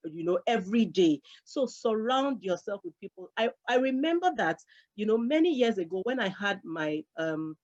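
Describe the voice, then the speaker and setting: A middle-aged woman talking earnestly in a casual chat, repeating key phrases for emphasis. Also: mid-range voice. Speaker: guest speaker. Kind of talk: casual conversational advice. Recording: dull lo-fi sound.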